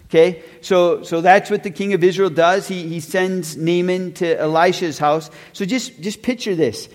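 Male pastor, high voice, casual storyteller, reverberant hall. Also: fairly even intonation, normal speed, few pauses. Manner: conversational storytelling, acts out characters. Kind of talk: sermon.

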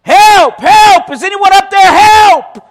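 A man voicing a desperate man clinging to a branch on a cliff, panicked and shouting for help. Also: extremely high pitch, very animated, moderate pace, some chatter behind, voice pushed up, full character voice.

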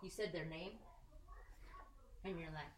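A woman giving a casual, animated sermon, joking and acting out the people she quotes. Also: low voice, measured pace, slight background noise. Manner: animated, jokey, acts out quoted voices. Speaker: preacher. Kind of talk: conversational sermon. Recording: echoey room, mic at a distance.

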